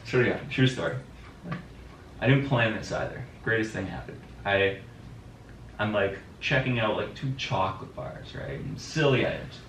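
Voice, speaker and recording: Chatty low-voiced man, roomy and distant. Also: normal speed, a little hiss or hum. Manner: animated storyteller, quotes people in lively voices. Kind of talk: casual chat. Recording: roomy, distant mic with faint background.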